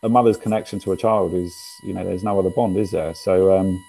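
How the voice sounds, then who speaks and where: A man's voice: deep voice, steady tone, fairly quick, vocal fry, mellow, poor audio. A man as an interview guest, speaking hesitantly and repeating words as he talks. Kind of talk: conversational interview.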